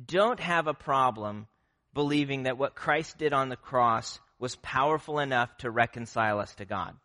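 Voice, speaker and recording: Bright-voiced man preaching a sermon. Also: medium pitch. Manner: earnest, conversational preaching with fillers and restarts. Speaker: pastor.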